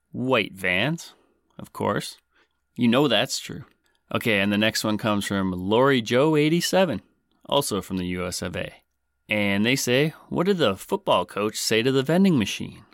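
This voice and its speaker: A man's voice: lowish voice, fairly bright tone, no room sound, clean studio sound. A man with a Canadian accent hosting a comedy podcast in a joking, self-mocking tone. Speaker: podcast host.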